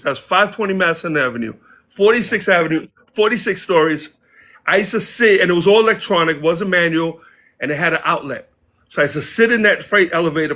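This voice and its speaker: A man guest casually telling stories from his past in an interview, animated and acting out the people he quotes. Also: high-pitched. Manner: animated, acts out quoted voices. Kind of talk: casual storytelling.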